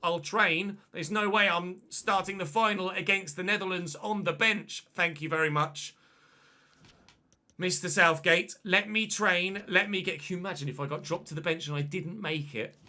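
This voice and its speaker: A man commentating his own football video game match, excitable and shouting at goals, his voice going hoarse. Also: high-pitched, moderate pace. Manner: shouts and celebrates goals, then chats calmly. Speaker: gaming commentator. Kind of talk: excited live gameplay commentary.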